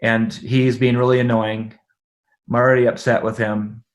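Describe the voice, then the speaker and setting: A middle-aged man, a guest in an interview, telling a personal family story in an animated way, laughing along and checking in with his listener. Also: medium pitch, moderate pace.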